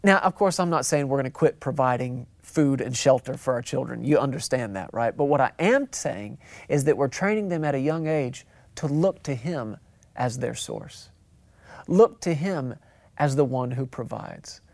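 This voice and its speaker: A man's voice: medium pitch, lively intonation, normal speed, vocal fry, no room sound. A man preaching a sermon, talking conversationally, repeating phrases for emphasis and acting out quotes. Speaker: pastor.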